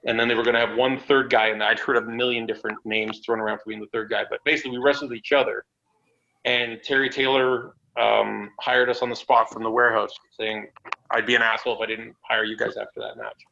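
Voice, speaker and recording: A bright, forceful man's voice from Canada, telling stories in an animated, casual manner and throwing in plenty of swearing as he acts out old conversations. The audio is dull and lo-fi, with a faint hiss underneath. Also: mid-range voice, fast talker, gravelly. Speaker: wrestler guest. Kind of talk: casual storytelling interview.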